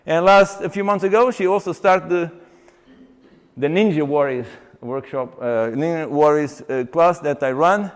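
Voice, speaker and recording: A high-pitched man gives a seminar talk in a hall with a long echo. He tells stories with animation, stops and restarts his sentences, and acts out what his clients say. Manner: animated storyteller who acts out client dialogue; halting, with many restarts and fillers. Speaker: seminar speaker, exercise coach. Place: seminar venue with long reverb. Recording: reverberant hall recording.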